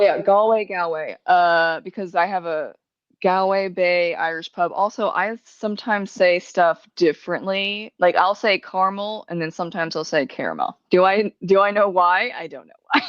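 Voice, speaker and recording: A woman's voice: lowish voice, fairly even intonation, normal speed, no room sound. A woman hosting a podcast, chatting casually, laughing often and swearing freely. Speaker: podcast host. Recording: dry, dull lo-fi sound.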